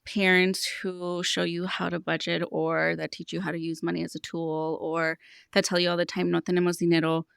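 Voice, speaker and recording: A woman's voice: lowish voice, flat delivery, normal speed, gravelly, a bit bright, clean tone, no echo, studio quality. A woman in her thirties, a money coach, talking earnestly on a podcast and explaining with stories about her clients. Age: 30s. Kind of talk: podcast conversation, storytelling.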